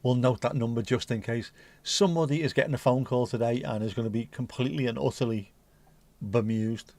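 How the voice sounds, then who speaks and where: A man's voice: medium pitch, a little fast, darkish tone, no room sound. A middle-aged man hosting a casual livestream and chatting in a playful, cheeky, rambling way. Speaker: livestream host.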